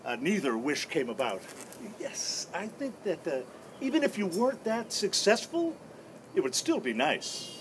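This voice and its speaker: A wistful old uncle, a retired official who rambles and mocks himself, as a man acts him on an open-air stage. His voice sits high and swings widely in pitch. A faint outdoor hush lies behind him. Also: big pitch swings, measured pace, a little hiss or hum. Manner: rambling, hesitant, nostalgic. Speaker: stage actor. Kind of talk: outdoor stage play performance.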